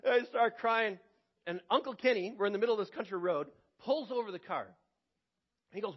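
A man preaching a sermon, telling a personal story with lively energy and repeating words as he starts phrases. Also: high voice, quick pace, husky.

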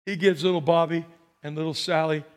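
A male pastor preaching a sermon, telling a story with animated delivery and a straining voice. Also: on the high side, fairly quick, soft background music. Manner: animated storytelling, voicing characters.

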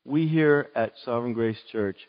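A man with a Western Pennsylvanian accent preaching a sermon as a pastor, conversational and slowing on key words. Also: mid-range voice. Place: church. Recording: dull, long church reverb.

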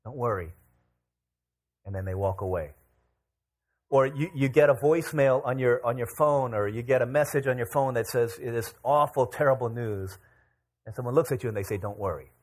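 A man's voice: medium pitch, brisk. A man in his forties, a pastor, telling a story during a sermon with light humor and frequent fillers. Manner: storytelling, self-deprecating humor, many filler words.

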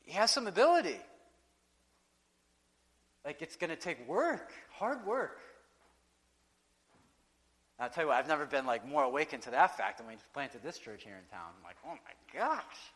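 A man preaching in a church sanctuary, with a fairly high and bright voice. He talks in a loose, conversational way and acts out the quoted lines. The long reverb of a big hall trails after his words. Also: very animated, normal speed, long pauses. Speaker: pastor. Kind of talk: sermon.

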